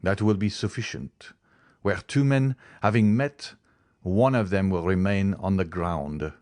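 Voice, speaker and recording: A man's voice: sits low, a little slow, darkish tone, dry recording, clean studio sound. A man voicing a hot-headed young nobleman who is bent on a duel and speaks in intense, clipped, indignant tones. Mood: vengeful.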